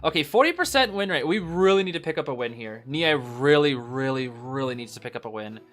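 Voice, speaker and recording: A man casually co-watching an esports final, reacting excitedly and often saying "bro". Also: mid-range voice, brisk. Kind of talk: casual live watch-along commentary.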